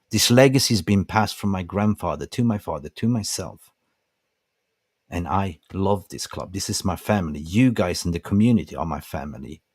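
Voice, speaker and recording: Impassioned man ranting, low and dry. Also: darkish tone, breathy edge, no room sound. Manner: impassioned, preachy, rallying. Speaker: fan channel host. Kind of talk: passionate livestream rant.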